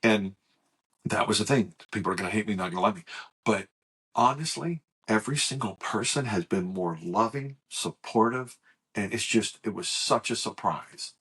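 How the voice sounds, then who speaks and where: A middle-aged man co-hosting a podcast, telling a personal story in a halting, animated way with frequent restarts. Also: on the low side, husky. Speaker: podcast co-host. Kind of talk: casual chat, personal storytelling.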